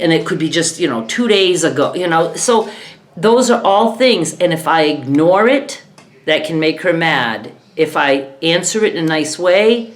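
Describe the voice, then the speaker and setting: A woman's voice: on the low side, sing-song, unhurried. A middle-aged woman talking frankly to her viewers in a casual vlog, exasperated and often laughing. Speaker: vlogger, caregiver of her mother. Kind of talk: casual talk to camera.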